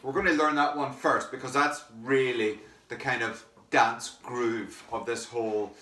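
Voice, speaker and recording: Drum teacher in an echoey room. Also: male voice, medium pitch, fairly even intonation, bright, forceful tone. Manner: encouraging, explains step by step, chants rhythm words slowly. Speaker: percussion teacher. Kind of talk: music lesson. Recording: echoey room with mic far off, clear background noise.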